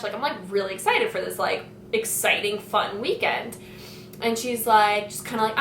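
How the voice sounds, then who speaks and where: A woman's voice: medium pitch, normal speed, a bit bright, a little hiss or hum. A young woman telling a story from her school days in a casual, chatty way, full of "like" and "you know". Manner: chatty, lots of filler "like". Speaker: vlogger. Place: home, kitchen nearby. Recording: echoey room, mic at a distance.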